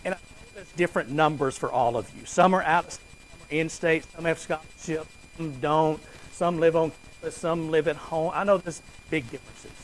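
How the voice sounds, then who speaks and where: A man lectures a classroom in a relaxed, conversational way, quizzing the room and tossing in jokes. His voice sits a touch higher than most men's. A faint hiss hangs under the recording. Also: brisk, low-quality recording. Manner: conversational, asks students questions and jokes. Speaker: finance lecturer.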